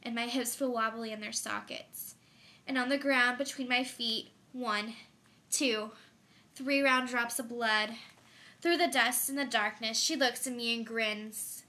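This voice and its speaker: A frightened, dreamy girl on the edge of growing up tells her story slowly and in a hush, as a young woman acts her out. The voice sits a little high and sounds very bright. It is a stage monologue. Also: steady tone. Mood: haunted. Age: young adult. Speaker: student actor. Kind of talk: theatrical monologue.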